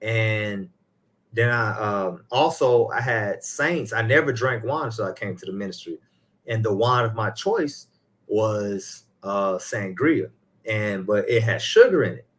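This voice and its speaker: A man's voice: lowish voice, animated, measured pace, a bit bright. A man, an elder of a ministry, talking casually about faith and his own life, rambling and putting in a hallelujah now and then.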